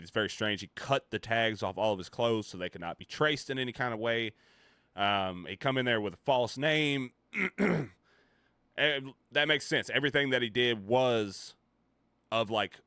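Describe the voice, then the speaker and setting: A man reacts on stream in loose, casual commentary. He thinks aloud, stumbling through fillers and restarts in a bright, forceful voice. His voice is fairly low and recorded dry and close. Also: clean tone, no room sound.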